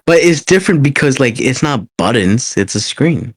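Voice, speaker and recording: A young man co-hosting a casual podcast, excitable and swearing freely as he tells stories. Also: mid-range voice, normal speed, husky. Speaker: podcast co-host. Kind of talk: casual chat.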